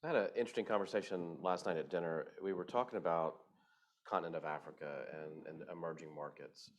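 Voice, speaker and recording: A man moderating a conference panel who asks questions haltingly, with many restarts. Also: deep voice, steady tone. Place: conference stage.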